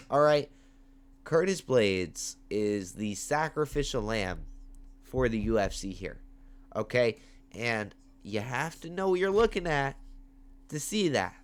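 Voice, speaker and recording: Speaking at a medium pitch, a man hosts his own MMA picks show at home, filmed on a webcam or phone. His casual fight-pick commentary is slangy and animated, getting hyped with big jumps in volume.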